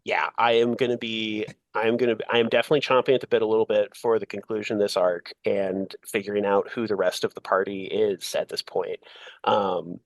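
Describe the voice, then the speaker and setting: A man's voice: fairly low pitch, flat delivery, brisk, dry recording. A man co-hosting a comics podcast, talking in a rambling casual way with many fillers and restarts. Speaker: podcast co-host.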